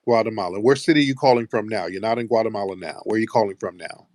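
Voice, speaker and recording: A man's voice: fairly low pitch, fast, darkish tone, no echo, clean studio sound. A man hosting a heated live call-in show, talking bluntly and combatively, often profane. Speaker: host.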